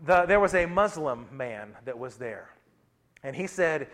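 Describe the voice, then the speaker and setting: Speaking a little high and with animation, a middle-aged pastor takes his time through a conversational sermon. He mixes personal stories with Bible passages, and his loudness shifts often.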